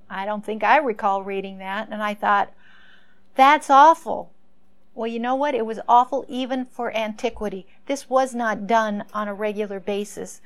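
A woman teaching a Bible story in a conversational way, musing aloud and asking rhetorical questions. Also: mid-range voice.

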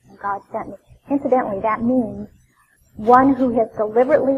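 A woman with a fairly high voice teaches through a Bible passage, telling it as a story and leaning hard into the quoted lines. The recording is dull and lo-fi, with a faint hum of noise underneath. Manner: animated storytelling, voicing scripture quotes with emphasis.

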